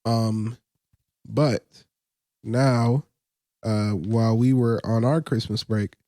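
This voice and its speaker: A man's voice: lowish voice, steady tone, slow, mellow, dry recording. A man co-hosting a podcast, telling a story in casual chat with laid-back dry humor and slang. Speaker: podcast co-host.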